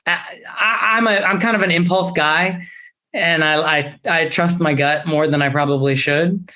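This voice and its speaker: Young man telling a lively story. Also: on the high side, normal speed. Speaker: actor guest. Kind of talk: casual interview storytelling.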